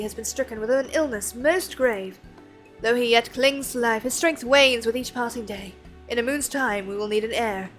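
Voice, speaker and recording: A woman's voice: on the high side, a bit bright, close to an everyday voice, rough recording. A woman voicing an earnest young nobleman in an attempted French accent, speaking in a formal, old-fashioned way.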